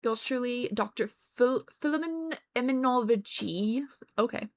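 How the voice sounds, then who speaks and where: A woman's voice: a little high, voice pushed up. A woman voicing a formal older male doctor with a put-on British accent, reading his letter aloud. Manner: formal, courteous, measured.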